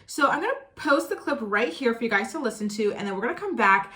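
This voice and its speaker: A woman's voice: a little high, lively intonation, fast, bright, forceful tone. A woman giving casual commentary to her viewers, chatty and talking to them directly. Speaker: YouTube commentator.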